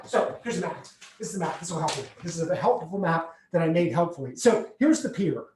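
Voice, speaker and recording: A man performing a comic autobiographical monologue on a theatre stage, animated and exclamatory. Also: high-pitched, a little fast, hardly any pauses, slight background noise. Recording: echoey theatre, distant mic.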